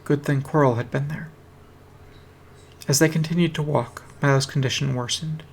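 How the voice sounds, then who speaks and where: A man reads a fantasy fan story aloud on a stream from his home setup, using a streaming mic, with a dry, wry delivery. His voice is on the high side, creaky and husky, with fairly even intonation and a moderate pace.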